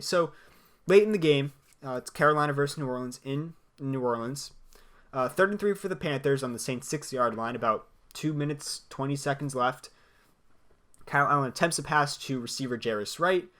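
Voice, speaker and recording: A young man hosting a solo sports podcast. He gives blunt opinions in a lively way and laughs between his points. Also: medium pitch. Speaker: podcast host.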